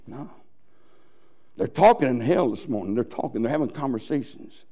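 A man preaching a dramatic sermon as pastor, swinging from loud high bursts to hushed drops. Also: expressive, normal speed, pauses often. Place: church.

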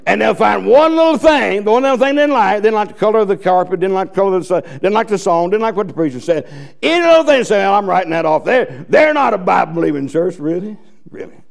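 A man's voice: sits high, animated, fast talker, gravelly. A man preaching a fiery, folksy sermon with bursts of emphasis.

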